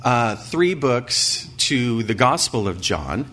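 A man preaching an expository sermon at a middle pitch. He reads passages aloud with rising emphasis, then asks his congregation rhetorical questions and answers them himself. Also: sing-song, slow pace, fairly bright tone. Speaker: pastor. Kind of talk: sermon, expository Bible teaching.

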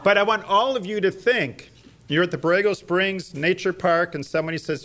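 Middle-aged male evangelism teacher, slightly higher voice, emphatic, quizzes the room. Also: fairly quick, a bit bright. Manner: emphatic, quizzes audience with fill-in-the-blank questions. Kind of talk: church teaching talk.

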